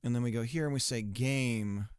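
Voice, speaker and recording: A man's voice: medium pitch, moderate pace, clear, resonant tone, no room sound, clean studio sound. A man streaming, chatting casually and muttering to himself as he works on a game. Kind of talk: casual chat while working on a game.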